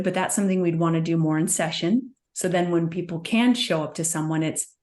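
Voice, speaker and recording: A woman working as a somatic trauma practitioner, talking as an interview guest in an earnest, soothing way and guiding with gentle prompts. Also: fairly low pitch, normal speed, few pauses. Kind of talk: guest in conversation, gentle coaching.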